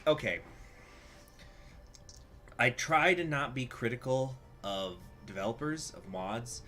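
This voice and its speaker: A man's voice: medium pitch, moderate pace, a bit bright, faint music behind. A man casually commenting on a strategy game as he plays, reading events aloud with laughing asides. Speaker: game streamer.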